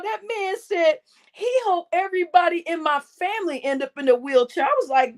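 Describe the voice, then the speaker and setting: Brief: young woman streamer, very high voice, can't stop laughing, profane, talks straight to chat. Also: moderate pace. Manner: keeps breaking into loud laughter, swears freely. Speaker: live streamer. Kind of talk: casual storytelling to a chat.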